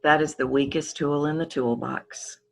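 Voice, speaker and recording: A woman vocal coach talking as a podcast guest, animated and emphatic, acting out the voices she describes. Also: sits low, moderate pace, creaky, a little hiss or hum. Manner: animated, acts out voices to demonstrate; emphatic, drops volume to make a point. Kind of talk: podcast interview.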